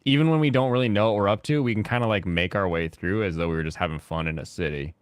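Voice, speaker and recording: A man with a fairly low voice hosts a laid-back chat while gaming, drifting from one thought to the next. He often stops and restarts, filling the gaps with "uh" and "like," and the recording is dry and close.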